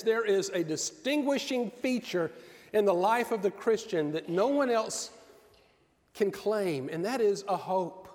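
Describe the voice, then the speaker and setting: High-pitched preacher guy, earnest and measured, long reverb from a big hall. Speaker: pastor. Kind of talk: sermon.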